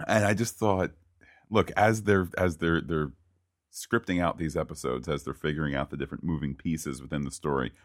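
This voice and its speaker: A man co-hosting a podcast, chatting casually and eagerly about a TV episode, often rising into excited bursts. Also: a bass voice, normal speed, dry recording, studio quality. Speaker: podcast co-host.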